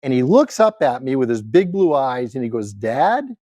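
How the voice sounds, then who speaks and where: A man in his fifties giving a high-energy motivational sales keynote, rallying the audience with questions. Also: big pitch swings, a little fast, dark tone, dry recording.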